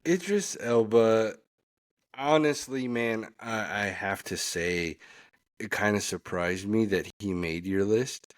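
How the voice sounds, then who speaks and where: Male panelist, lowish voice, unhurried and hesitant delivery. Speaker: podcast panelist. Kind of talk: casual podcast chat.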